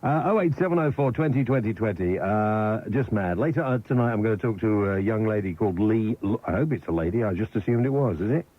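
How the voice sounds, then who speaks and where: A man hosting a late-night phone-in, blunt and wry, his pitch swinging widely as he talks. The sound is a dull, lo-fi radio recording. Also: expressive, dry recording. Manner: blunt, wry, quick put-downs. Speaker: radio talk show host.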